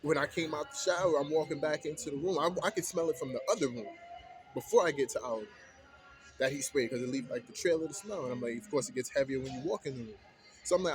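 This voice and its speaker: A man ranting heatedly in a casual vlog, retelling an argument in colloquial speech. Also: fairly high pitch.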